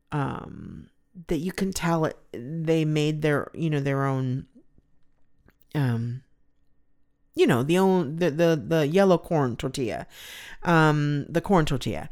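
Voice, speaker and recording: A woman's voice: deep voice, slow, pauses often, a little mellow. A middle-aged woman from California hosting a solo podcast, rambling and gushing with emotion about a favorite food. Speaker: podcast host. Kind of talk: casual solo podcast chat.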